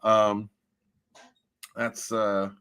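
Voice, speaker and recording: Low-voiced man ranting on a livestream. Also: level tone, drawn-out words, clear, resonant tone. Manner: rambling, profane, loud swings of emphasis. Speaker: livestream host reading viewer chat. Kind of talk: casual rant and chat.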